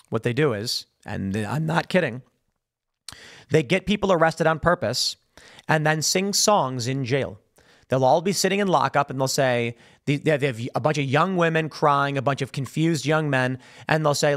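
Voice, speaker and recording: Animated man hosting political commentary. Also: a little high. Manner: fast animated talk with mocking put-on voices for quoted people. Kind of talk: monologue commentary.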